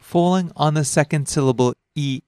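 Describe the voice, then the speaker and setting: Male lesson host, relaxed and chatty, dry studio read. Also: moderate pace, dry recording. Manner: chatty, laughs easily, explains pitch accent. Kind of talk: casual lesson podcast.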